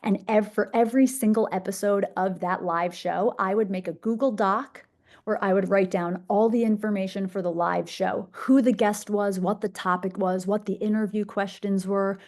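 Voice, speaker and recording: A woman's voice: medium pitch, fairly even intonation, moderate pace, darkish tone. A young woman presenting a masterclass, bubbly, enthusiastic and conversational. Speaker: social media speaker.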